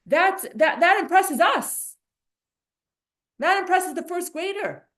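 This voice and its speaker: A woman teaching a Torah class, animated and restarting her sentences often. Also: very high-pitched, takes it slowly. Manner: animated, many restarts and repeated words.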